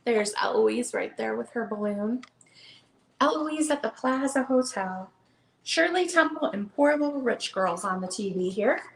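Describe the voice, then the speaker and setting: A woman's voice: a little high, lively intonation, measured pace, vocal fry, slight background noise. A woman hosting a live online book sale, chatty and upbeat, calling out bids. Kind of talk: casual live auction chat. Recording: echoey room.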